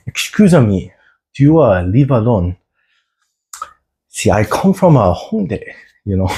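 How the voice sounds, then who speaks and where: A man's voice: mid-range voice, mellow, husky. A man chatting casually on a phone livestream, laid-back and slangy, answering viewers' chat. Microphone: phone camera.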